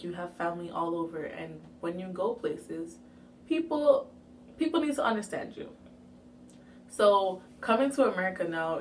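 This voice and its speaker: Young woman from Jamaica for a chatty story-time vlog, lowish voice, animated delivery, a bit off-mic with faint room hum. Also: distant mic. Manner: lively, animated storytelling with playful asides. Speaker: vlogger.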